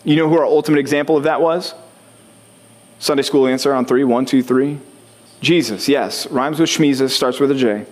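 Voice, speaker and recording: A man's voice: medium pitch, moderate pace, a little mellow. A man preaching a sermon as pastor, talking conversationally, putting questions to the congregation and building to rising intensity.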